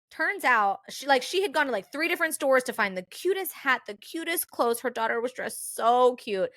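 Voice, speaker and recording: A woman's voice: high-pitched, normal speed, few pauses, no room sound. Chatty woman co-host, dry close sound. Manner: chatty, laughs often, animated retelling. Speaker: podcast co-host. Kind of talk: casual chat.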